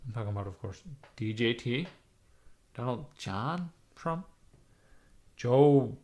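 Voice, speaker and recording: A young man with a raspy, hoarse voice from being sick, rambling irreverently on a live stream with lots of fillers. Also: medium pitch, expressive, takes it slowly, a little mellow. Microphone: webcam mic.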